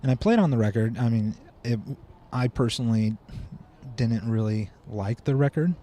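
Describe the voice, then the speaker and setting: A man of middle pitch chats casually on a podcast, a drum teacher telling stories with energy. He slips into the voices of the people he quotes as the story goes along. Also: normal speed, a little hiss or hum. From Seattle, Washington. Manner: animated storyteller who acts out quoted speech. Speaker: podcast guest, drum instructor.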